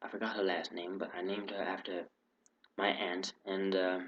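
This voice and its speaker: A man talks in a put-on British accent, giving a casual vlog update. His voice sits a little low, and he rambles, restarting his sentences. The recording is muffled and lo-fi, with a faint hiss underneath. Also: level tone, moderate pace. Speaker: vlogger.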